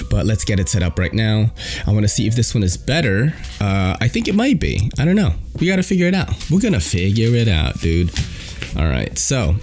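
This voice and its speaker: Hyped, slangy man with a lively, low voice. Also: a little fast, soft background music. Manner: hyped, slangy, talks straight to viewers. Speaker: host of a knife unboxing channel. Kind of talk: casual unboxing vlog chat.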